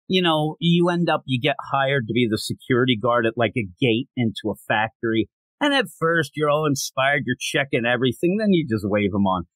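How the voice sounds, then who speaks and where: Animated husky-voiced man reviewing comics. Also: mid-range voice, dry recording. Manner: jokey, digressive, chatty asides. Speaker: comic book reviewer and podcast host. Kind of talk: casual commentary.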